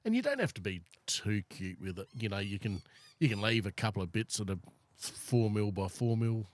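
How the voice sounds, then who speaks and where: A man's voice: on the low side, expressive, moderate pace, a little hiss or hum. A middle-aged Australian man hosting a casual podcast chat over beers, blunt and swearing freely as he tells stories. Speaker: podcast host.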